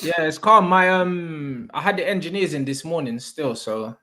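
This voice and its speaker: Ranting young man, fairly high voice. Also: normal speed. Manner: animated, slang-heavy, swears, ranting. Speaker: streamer co-host. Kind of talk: casual live-stream chat.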